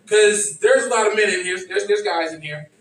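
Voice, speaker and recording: Male stand-up comic with a high voice, acts out friends' dialogue, recorded at a distance in a roomy club. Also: normal speed. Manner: animated, acts out friends' lines in quotes. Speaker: stand-up comedian. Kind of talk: stand-up comedy storytelling. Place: comedy club stage. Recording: echoey club sound from a distance.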